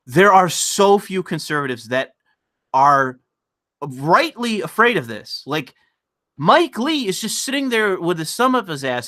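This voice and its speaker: A man's voice: high-pitched, pushed and bright. A man ranting sarcastically and with profanity on a live stream of political commentary, sometimes laughing at his own point.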